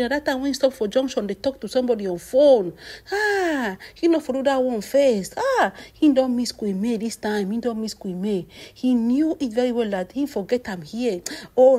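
A Nigerian-accented woman runs a celebrity gossip vlog, her voice slightly high, mellow and husky. She talks in exclamatory bursts and keeps turning to her viewers. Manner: exclamatory, addresses viewers as "my people". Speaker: gossip vlogger.

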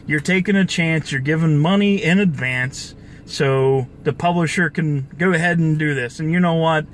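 A man's voice: on the high side, moderate pace, fairly bright tone, a little hiss or hum. A young man hosting his own gaming channel, ranting angrily about the industry, profane and full of restarts. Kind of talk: ranting video commentary.

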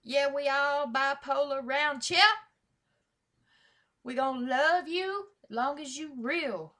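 A woman hosting a music reaction video, exclaiming and repeating lyrics with excitement. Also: high-pitched, slow.

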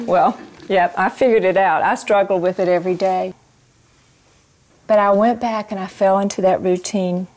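A woman in the middle of her natural pitch range shares a personal testimony of faith with a live audience. Her storytelling is expressive, and she often turns to ask her listeners questions. At tender moments she drops into soft, hushed tones. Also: moderate pace, long pauses. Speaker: Christian ministry speaker.

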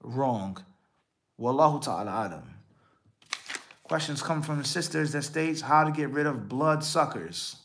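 A man's voice: medium pitch, lively intonation, unhurried, pauses often, slight background noise. A man, an Islamic scholar giving a live question-and-answer lecture, who talks emphatically, sprinkles in Arabic terms and keeps asking rhetorical questions of his listeners. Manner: emphatic, rises and drops in loudness.

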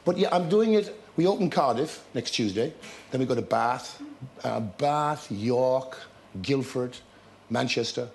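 A man, a talk show guest, telling lively anecdotes with laughter and acted-out scenes. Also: mid-range voice, unhurried, gravelly, a little hiss or hum. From Ireland. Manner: storytelling with laughter, acting out scenes.

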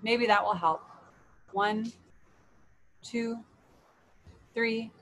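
A gentle young boy with a lifted, childlike voice, hurt and eager by turns, as a woman reading a storybook puts him on. He sounds small and earnest, reaching upward whenever he speaks. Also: a little high, lively intonation, moderate pace, slight background noise, close to an everyday voice. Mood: hesitant.

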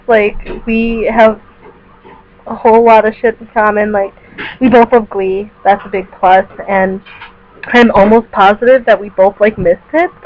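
A teenage girl rambling casually in a birthday video message, full of "like" and "um", giggly and chatty. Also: on the high side. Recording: dull lo-fi webcam audio.

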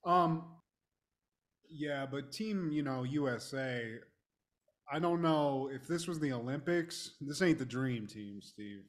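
A man co-hosting a podcast, talking about old wrestling in an animated, profane way, mimicking people and breaking into laughter. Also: mid-range voice, slow. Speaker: podcast co-host. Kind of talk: casual wrestling recap chat.

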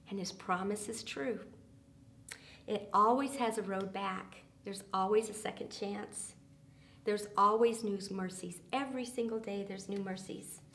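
A woman leading a church small group, speaking earnestly with many fillers and often dropping soft and quiet for emphasis. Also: mid-range voice, slight background noise.

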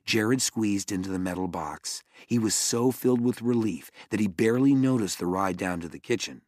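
A man reading a children's novel aloud as an audiobook narrator, in an expressive way. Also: fairly low pitch, moderate pace, no room sound, studio quality. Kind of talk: scripted narration.

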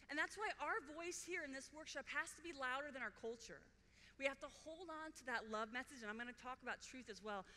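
Woman, youth conference speaker, bright crisp voice, enthusiastic storytelling, echoey hall. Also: high voice. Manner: enthusiastic storytelling, casual with many "like"s. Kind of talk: faith testimony talk. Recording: echoey hall with faint noise.

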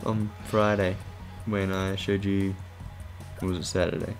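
A man casually commenting on gameplay in a relaxed, joking way. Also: deep voice, a little slow, faint music behind. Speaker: game co-developer commenting.

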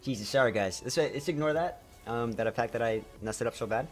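Man, game streamer, mid-pitched, talks to chat, stumbles on words, faint music behind. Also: fairly quick. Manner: excitable, talks to chat, trips over words. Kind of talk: live gameplay commentary.

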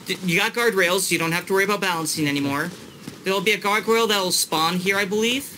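Bright young man giving game directions. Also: high-pitched, fast, slight background noise. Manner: short directive instructions, patient. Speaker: host coaching his father. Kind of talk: casual gaming coaching.

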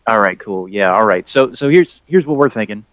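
A man's voice: fairly low pitch, expressive, a little fast, fairly bright tone, no echo. A man voicing a blunt male trade official who rambles and repeats himself in an offhand way.

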